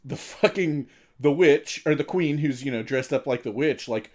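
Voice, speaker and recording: A man's voice: medium pitch, moderate pace, a little mellow. A man co-hosting a podcast in casual, profane chat, retelling stories in a rambling way with lots of fillers. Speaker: podcast co-host.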